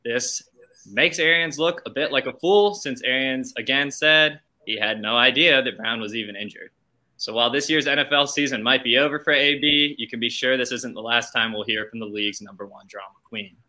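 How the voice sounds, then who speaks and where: A man presents a scripted news story as the show's intern and slips in wry, mocking remarks. His voice is very bright and sharp. His pitch sits in the middle of the usual range. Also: fairly quick.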